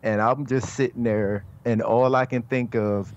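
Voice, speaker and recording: A man guesting on a casual podcast, telling stories in a joking, animated way and swearing. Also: mid-range voice, a little slow, lo-fi sound. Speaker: guest, online wrestling league player.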